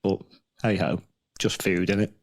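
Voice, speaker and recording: A man's voice: deep voice, steady tone, unhurried. A man, a regular panelist, making wry, matter-of-fact asides in casual pub banter.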